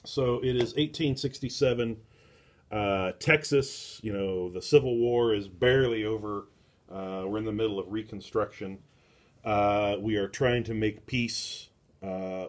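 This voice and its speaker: A man's voice: on the low side, darkish tone. A middle-aged man hosting a casual book club, reviewing comics in a rambling way full of filler words and restarts. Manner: slow and deliberate.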